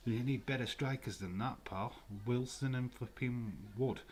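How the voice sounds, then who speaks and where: A man's voice: mid-range voice, a little slow, hardly any pauses, darkish tone. A man hosting a casual live watch-along stream, chatting loosely, swearing and laughing as he answers viewer comments.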